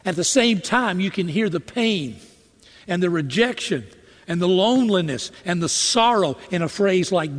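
Casting: male preacher with a high voice, earnest sermon delivery that swells to passionate emphasis, long reverb. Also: lively intonation, normal speed. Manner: earnest, rising to impassioned emphasis, with repetitions.

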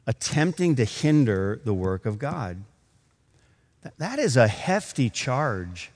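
Male preacher, lively pitch, sermon, long hall reverb. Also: takes it slowly. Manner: storytelling with acted quotes, builds to emphatic preaching. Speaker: pastor.

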